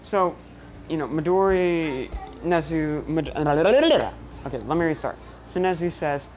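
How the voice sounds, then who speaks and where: Low-voiced woman telling a rambling fan story. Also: expressive, a little slow, a little mellow, slight background noise. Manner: rambling, with many fillers and restarts. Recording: dull lo-fi recording.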